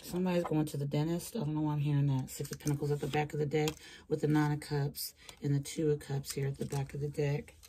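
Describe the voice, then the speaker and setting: A woman's voice: sits low, flat delivery, quick pace, dark tone, slight background noise. A woman giving a casual, chatty tarot reading from her small bedroom, talking straight to her viewers in slangy terms. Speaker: tarot reader.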